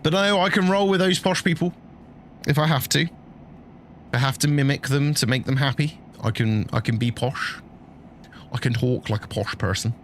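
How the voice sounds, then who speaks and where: A man's voice: a little high, moderate pace, slight background noise. Chatty man streaming a truck game. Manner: chatty, jokey, laughs often, banters with chat. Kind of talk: casual live-stream chat.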